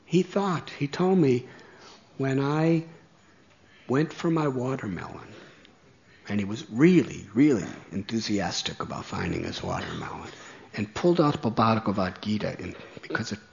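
A man telling a story slowly, chuckling at his own tale. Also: fairly low pitch, big pitch swings, vocal fry, a little mellow, highs cut off. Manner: slow, chuckling anecdote telling. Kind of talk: storytelling talk.

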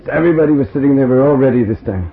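Racing through his stories, a man with a mid-range voice entertains a seated crowd as a lively spiritual speaker. He chuckles between lines, and the roomy audience recording has a tinny, phone-like quality.

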